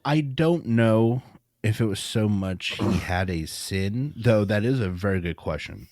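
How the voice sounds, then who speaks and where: A man co-hosting a podcast, reviewing a movie in casual chat, animated and laughing often, with casual swearing. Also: lowish voice, unhurried, dry recording, clean studio sound. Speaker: podcast co-host.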